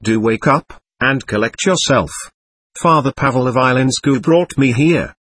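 A man voicing a desperate young army lieutenant who pleads breathlessly, in a husky voice. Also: mid-range voice, a little slow, a bit bright. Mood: pleading.

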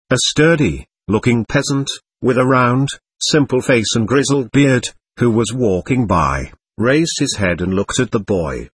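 A man narrating an audiobook in a steady storytelling voice. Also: medium pitch, a little slow, hardly any pauses, breathy edge, dry recording. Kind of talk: scripted narration.

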